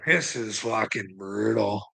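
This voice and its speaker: A man's voice: fairly low pitch, slow, gravelly, a bit bright, breathy edge. A weary man ranting in a profane monologue to the camera, swearing constantly and stammering through restarts. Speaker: vlogger.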